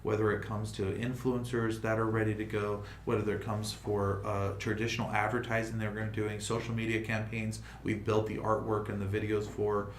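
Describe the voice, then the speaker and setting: A man hosting a casual livestream chat, talking in an animated, rambling way full of restarts. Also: fairly low pitch, a little fast, few pauses. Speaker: crypto project host. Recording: roomy room with faint noise.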